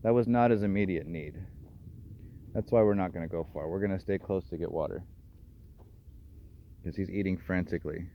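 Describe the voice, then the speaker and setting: Dog trainer, male, lowish voice, outdoors, dull lo-fi recording with faint noise. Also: moderate pace, pauses often. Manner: calls out to dogs, explains their behavior. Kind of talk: narrating a dog walk. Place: outdoors on a trail.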